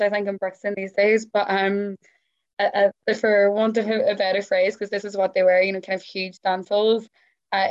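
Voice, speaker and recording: A woman's voice: medium pitch, dull audio. A woman from Ireland, a researcher, talking thoughtfully in an interview with academic phrasing and many hedging fillers. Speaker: researcher guest. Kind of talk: interview conversation.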